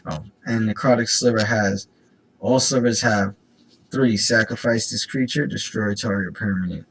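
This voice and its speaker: A man with a low, gravelly voice and a husky rasp, chatting casually as he opens trading card packs. His throat is itchy. He reads the card text aloud and keeps wandering off into asides. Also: moderate pace, fairly bright tone, rough recording. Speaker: host. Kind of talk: casual card-opening chat.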